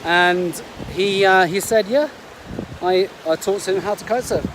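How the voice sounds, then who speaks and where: A man's voice: high-pitched, a little slow. A man, a health coach chatting upbeat in a casual vlog story, often restarting his sentences. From England. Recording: wind and ocean noise behind.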